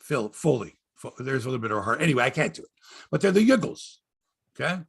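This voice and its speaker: A gravelly, husky man hosts a casual sports podcast. He rambles and jokes. His pitch swoops up and down with animated energy. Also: quick pace.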